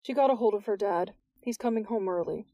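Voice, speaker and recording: A woman narrator voicing a curt, unconcerned middle-aged police sergeant who speaks in a flat, clipped, dismissive way. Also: mid-range voice, brisk, no echo, natural voice.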